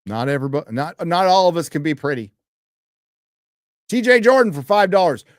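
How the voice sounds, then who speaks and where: The speaker is an American man hosting a casual live stream, reading donations and viewer messages aloud with a crude, offhand manner and plenty of fillers. His voice runs on the high side and sounds animated at a moderate pace, in a dry, studio-quality recording.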